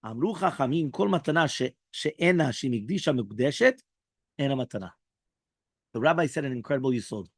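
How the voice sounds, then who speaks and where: A male rabbi giving a daily Talmud lesson, animated and acting out the characters' lines as he explains. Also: medium pitch, fairly quick, no room sound, clean studio sound.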